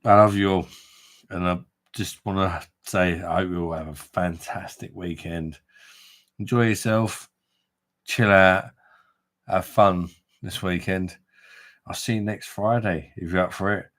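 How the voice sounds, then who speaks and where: A man's voice: sits low, fairly even intonation, unhurried, pauses often, a bit bright. A man hosting a late-night beer review live stream, chatty and tipsy, full of banter and casual swearing. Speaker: beer review livestream host.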